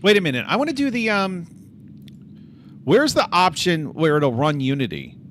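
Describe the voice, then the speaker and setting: A man with a fairly high, bright voice speaks in a sing-song way at a moderate pace, with slight background noise. He streams his game development casually, reasoning aloud as he debugs, muttering to himself and talking straight to his viewers in chat.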